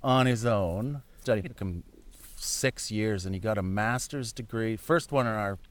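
A man's voice: on the low side, measured pace. A middle-aged man, a comedian telling rambling, self-deprecating stories as a guest in a casual chat.

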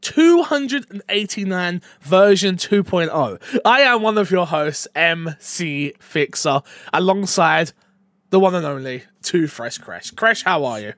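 A man hosting a casual gaming podcast, joking and animated, dropping from loud bursts to mumbled asides. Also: high-pitched, unhurried, dry recording. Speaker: podcast host.

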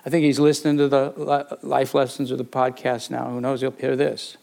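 A man's voice: mid-range voice, a little fast, creaky. An older man preaching, telling a personal story conversationally, with frequent restarts and acted-out moments. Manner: conversational, with repeated words and fillers; animated, acting out the people in his stories. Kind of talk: sermon storytelling.

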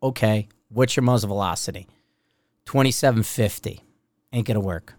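A man's voice: on the low side, moderate pace, a little mellow, no echo. A man hosting a podcast as a shooting instructor, talking in a blunt, rambling, profane way. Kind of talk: casual rambling podcast monologue.

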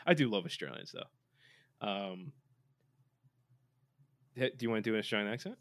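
A man's voice: fairly low pitch, animated, moderate pace, pauses often, fairly bright tone. A man co-hosting a podcast in casual chat, joking and playful, reading listener messages aloud. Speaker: podcast co-host.

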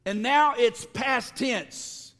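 A high-pitched male preacher delivering a sermon at a slow, deliberate pace, stretching his words and bursting into shouts now and then. His voice rings with the long reverb of a big church sanctuary. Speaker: pastor. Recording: long reverb of a large hall.

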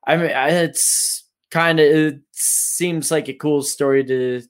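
Slightly high-voiced man chatting loosely. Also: steady tone, slow. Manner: rambling, with filler words and laughs. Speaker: podcast co-host. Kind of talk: casual chat.

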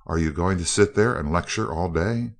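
A man's voice: low-pitched, normal speed. A man voicing a surly, cowardly male thug in an audiobook, growling and snarling. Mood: frightened, shrill. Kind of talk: audiobook character voice.

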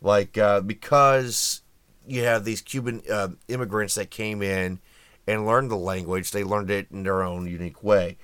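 A man's voice: on the low side, fairly even intonation, unhurried, fairly bright tone, clear, resonant tone, dry recording. A man hosting a podcast, giving a casual opinionated monologue on the news with plenty of ums and uhs. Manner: wry, opinionated, many fillers. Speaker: podcast host. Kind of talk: casual political commentary monologue.

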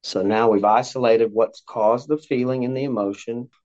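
A man giving parenting advice as a podcast guest, lively and talkative, acting out conversations between parent and child. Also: medium pitch, moderate pace. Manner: animated, acts out parent-child dialogue. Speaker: guest, youth counselor. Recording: dull lo-fi audio.

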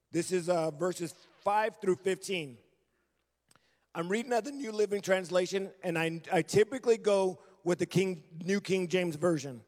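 A middle-aged man preaching a sermon as a guest, telling his story earnestly and acting out remembered conversations. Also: high-pitched. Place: church sanctuary. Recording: long reverb of a large hall.

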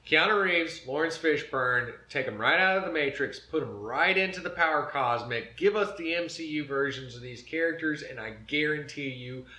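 A man's voice: fairly high pitch, normal speed, hardly any pauses, sharp tone. Enthusiastic, hammy man chatting. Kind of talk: casual chat about comic-book movies. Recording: echoey room.

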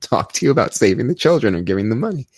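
A man with a Jamaican accent co-hosts a casual podcast, joking and telling stories with animated energy. His pitch leaps around expressively, and the sound is dry and close. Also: rapid-fire, no room sound. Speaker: podcast co-host. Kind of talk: casual chat.

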